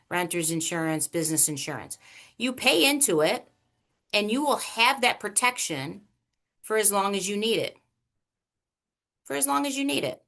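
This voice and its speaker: A woman presenting a money workshop over a video call, chatty and animated, teasing the audience with questions. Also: mid-range voice. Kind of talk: online workshop lecture.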